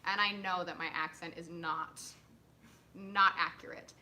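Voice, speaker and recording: This woman's voice is fairly low and a little slow, with fairly even intonation and a bright, forceful tone. She's an actress hosting a live stream, chatting casually and upbeat with lots of fillers, over slight background noise.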